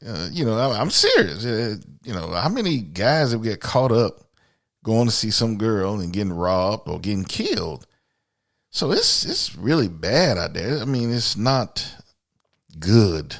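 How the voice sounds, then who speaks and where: A man hosting a podcast in a casual monologue, blunt and profane, often repeating words as he starts a sentence. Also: medium pitch. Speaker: podcast host.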